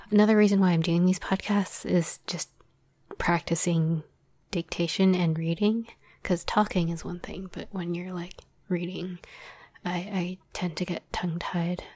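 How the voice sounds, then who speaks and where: Lady whispering slow and breathy, lots of ums, kinda low voice, dead dry close sound. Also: darkish tone, dry recording. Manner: hesitant, many ums, self-deprecating. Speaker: podcast host and script writer. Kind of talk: whispered chat.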